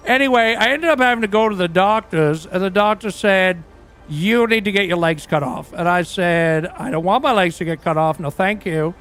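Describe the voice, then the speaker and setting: A man's voice: high voice, normal speed, a bit bright, faint music behind. A man playing a crude, boastful aging rock singer who tells rambling, profane stories in a role-play livestream.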